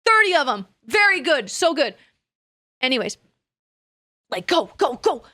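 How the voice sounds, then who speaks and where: A young adult woman streaming, chatting casually in a rambling, animated way that trails off into asides. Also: high-pitched, a little slow, no room sound, clean studio sound. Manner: rambling, animated, self-interrupting with laughs. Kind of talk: casual chat.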